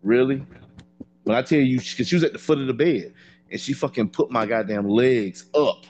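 A man's voice: medium pitch, moderate pace, a little mellow, muffled recording. A man in casual podcast chat, blunt and profane, telling his story dryly. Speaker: podcast co-host.

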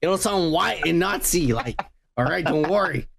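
High-pitched, gravelly podcast host. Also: male voice, animated, a little slow, over a noisy crowd. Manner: profane, blunt, joking. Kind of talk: casual podcast chat.

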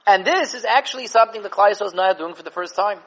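A man giving an animated Torah class on the weekly portion, mixing Hebrew and Yiddish terms into English and repeating words as he thinks. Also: sits high, fast, lo-fi sound. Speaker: Torah teacher.

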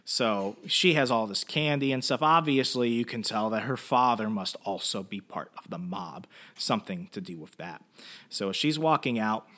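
A man's voice: fairly low pitch, animated, normal speed, sharp tone. A man hosting a comic book podcast, retelling and reviewing an issue in a casual, chatty way full of fillers and asides.

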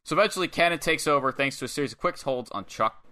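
A man with a fairly high, forceful, bright voice gives a loose play-by-play recap. He tells it like a story among friends, dropping curse words as he goes. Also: expressive, fast. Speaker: podcast co-host recapping a wrestling match. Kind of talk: casual chat.

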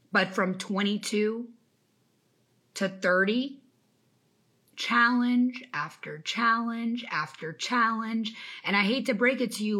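A woman's voice: on the high side, slow pace, sharp tone. A woman in her thirties, a business coach giving an emphatic, faith-infused motivational talk on a live stream and greeting viewers by name. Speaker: business coach and podcast host.

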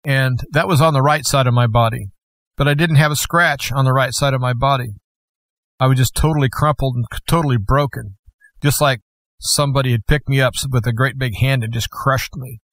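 A man as guest host, slowly and earnestly telling a personal story. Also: medium pitch, fairly even intonation, a bit bright, no room sound. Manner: earnest, slow and measured storytelling. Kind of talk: personal testimony.

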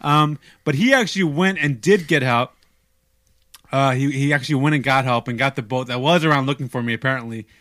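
A young man casually telling a long story on a podcast, animated and self-mocking, stumbling over restarts. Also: medium pitch, fairly quick.

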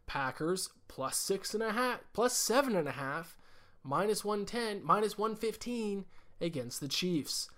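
A man putting on a booming retro radio announcer voice. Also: animated, fairly bright tone. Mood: hammy. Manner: slow, drawn-out, exaggerated announcer delivery. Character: booming old-school male radio sports announcer. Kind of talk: mock broadcast announcing.

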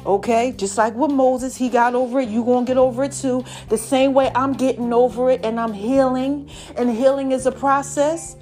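A woman's voice: sits high, normal speed, hardly any pauses, soft background music. A woman podcast host, telling a personal story in a conversational, emotional way and acting out the voices of family members. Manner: animated, acts out quoted voices of family; emotional, conversational, preacherly encouragement at the end.

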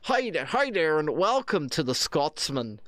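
A man's voice: on the high side, sing-song, unhurried, a bit bright, no room sound. A man parodying a prim, posh male news presenter in a mock-formal broadcaster voice.

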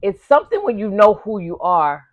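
A woman in her forties chatting casually to her viewers in an animated, talkative way, calling them "baby" and "y'all", her voice getting a little hoarse. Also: mid-range voice, moderate pace, dry recording. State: voice giving out, slightly hoarse. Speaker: vlogger. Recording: dull lo-fi dry recording.

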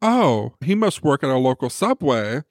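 A man's voice: medium pitch, very animated, moderate pace, dry recording, studio quality. A man co-hosting a podcast, telling a rambling casual anecdote and acting out the quotes of the people in it. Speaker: podcast co-host. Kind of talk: casual storytelling.

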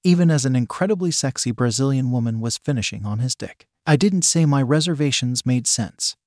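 Male narrator, mid-pitched, dry close read, steady pacing. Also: fairly quick, no room sound. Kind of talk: first-person story reading.

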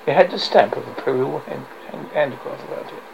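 A man's voice: mid-range voice, a little fast, vocal fry, muffled recording, slight background noise. A man reading a novel aloud in a dramatic way, with occasional slips and restarts. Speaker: reader.

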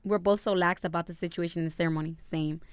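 Brief: young woman, smooth clear voice, dry close mic, lively slangy livestream co-host. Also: fairly low pitch, quick pace, no echo. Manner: animated, laughing, slangy storyteller. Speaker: podcast co-host. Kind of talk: casual livestream chat. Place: home studio. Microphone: studio mic.

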